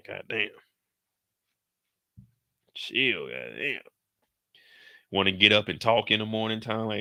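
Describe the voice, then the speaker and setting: A young man with a bright, forceful voice, riffing casually and profanely as he recaps a show and slips into the characters' lines. The sound is close and dry, with no room around it. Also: lowish voice, expressive, unhurried, creaky, pauses often, dry recording. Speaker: show commentator. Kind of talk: animated casual recap commentary.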